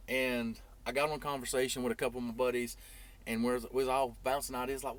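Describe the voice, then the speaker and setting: A man telling a long story casually in a vlog, rambling, and getting animated when he quotes others. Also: medium pitch, fast talker. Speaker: trucking YouTuber.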